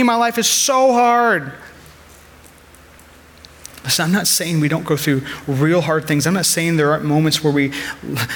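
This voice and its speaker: A man's voice: a little high, fairly bright tone. A man in his thirties preaching a sermon as a pastor, earnest and conversational, weaving personal stories into his message.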